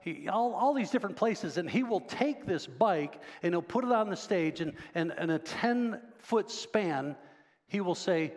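High-voiced pastor preaching. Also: male voice, lively intonation, normal speed. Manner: conversational, asks the congregation questions. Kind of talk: sermon. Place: church sanctuary. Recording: long hall reverb.

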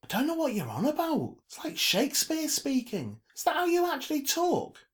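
Man doing a shrill, defiant teenage girl. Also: wildly swooping pitch, moderate pace, full character voice. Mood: baffled. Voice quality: snappy, defiant.

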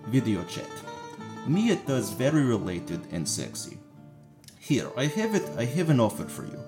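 A man's voice: mid-range voice, wildly swooping pitch, moderate pace, over music. A man voicing a seductive female spam email writer with a put-on Russian accent, reading broken English in a hammy way. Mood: mock-seductive.

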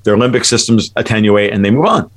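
A man's voice: fairly low pitch, animated, quick pace. A man talking as a guest commentator in a casual chat, rambling and emphatic, often restarting his sentences.

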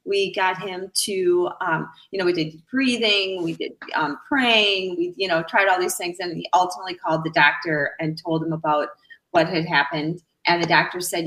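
A middle-aged woman speaks as a guest on a radio interview, with a voice pitched a little low. She talks in a halting way, full of fillers and restarts. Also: a bit bright, rough recording. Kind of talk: personal account in a radio interview.

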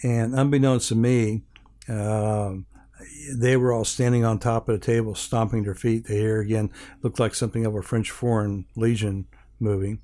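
A man's voice: lowish voice, level tone, normal speed, mellow. An older man from Hawaii, an interview guest telling a rambling anecdote with many restarts and fillers, acting out the other people's lines as he goes.

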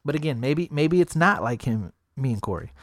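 A man telling a long story in casual chat, full of "like" and "bro," jumping into higher voices for the people he quotes. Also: brisk, no room sound, clean studio sound. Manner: animated, acts out quoted friends in a higher voice, lots of "like" and "bro".

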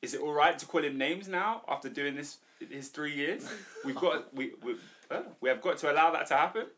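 A man co-hosting a casual football chat, animated and argumentative, laughing often. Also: fairly high pitch, brisk. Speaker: podcast co-host.

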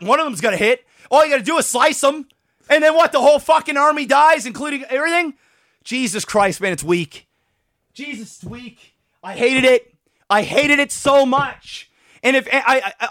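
A high-voiced man with a bright, forceful tone, worked up and ranting. He swears constantly and keeps breaking into exasperated shouts as a podcast co-host. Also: no echo, studio quality. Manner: profane, exasperated, shouting rants. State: worked up and sweating. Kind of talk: heated ranting review.

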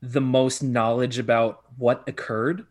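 A man's voice: medium pitch, steady tone, unhurried. Rambling man in a casual film chat. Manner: rambling, restarts sentences, swears casually. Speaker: podcast co-host. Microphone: video call.

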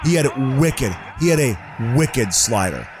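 Animated man rambling baseball trivia. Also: mid-range voice, unhurried, background noise. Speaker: podcast co-host. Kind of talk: casual chat.

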